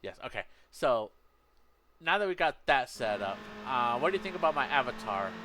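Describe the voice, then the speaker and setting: A man's voice: medium pitch, big pitch swings, moderate pace, a little hiss or hum. A man streaming a game, rambling casually to his chat, often stopping to correct himself. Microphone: headset. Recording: racing game audio loud underneath. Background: racing game engine sounds.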